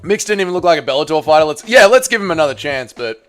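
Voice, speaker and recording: A man's voice: on the high side, lively intonation, fast, faint music behind. A man hosting a casual fight watch-party stream, reading chat messages and bantering crudely while eating. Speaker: livestream host.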